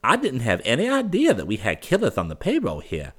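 A man's voice: medium pitch, huge pitch swings, a little fast, a bit bright, husky, pitched above the performer's own voice, full character voice. A man voicing a fawning, nervous young nephew in a western audiobook, with a pleading manner. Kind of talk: audiobook character voice.

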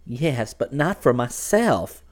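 A man voicing a timid young woman in a storybook reading, speaking softly and hesitantly. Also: mid-range voice, very animated, slow, voice pushed up. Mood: trembling. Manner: soft, hesitant, near-whispered.

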